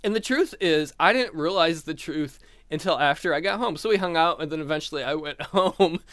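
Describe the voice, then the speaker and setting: A man's voice: a little high, a little fast, a bit bright, no room sound, clean studio sound. A young man doing improvised stand-up comedy alone, rambling and self-mocking, laughing at his own jokes. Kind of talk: improvised solo stand-up without audience.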